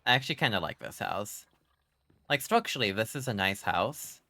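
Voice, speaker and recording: A man's voice: on the low side, lively intonation, moderate pace, sharp tone, no echo. A man streaming a horror game live, joking with chat and reacting aloud as he plays. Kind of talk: live gameplay commentary.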